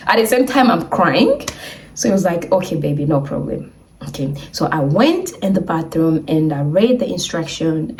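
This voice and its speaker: Recorded from a distance, a young adult woman's low voice carries an animated personal story for her vlog. She performs the quoted voices of each person in it.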